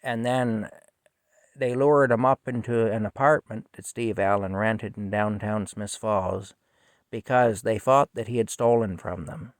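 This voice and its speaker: Low-voiced man rambling through a story. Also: smooth, no echo, studio quality. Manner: rambling, halting, emotional. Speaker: vlogger telling a personal story. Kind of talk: casual storytelling monologue.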